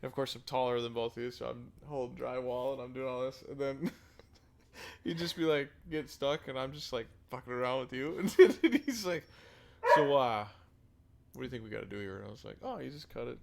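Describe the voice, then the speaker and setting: A man's voice: mid-range voice, a little fast, gravelly. A young man co-hosting a podcast, joking and teasing his friend in casual chat. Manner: joking, teasing, laughs often. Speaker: podcast co-host.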